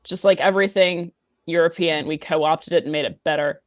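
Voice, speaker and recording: A woman's voice: low voice, steady tone, normal speed, no echo, clean studio sound. Blunt, combative woman co-host. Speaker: podcast co-host. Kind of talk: casual podcast banter.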